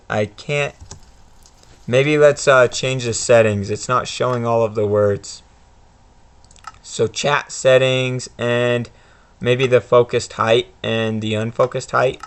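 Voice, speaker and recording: A man gives casual commentary on a block-building game as he plays, with frequent fillers and a slow, relaxed pace. His voice sits at a middle pitch for a man. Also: smooth. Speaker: gaming video host. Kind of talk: casual let's-play commentary.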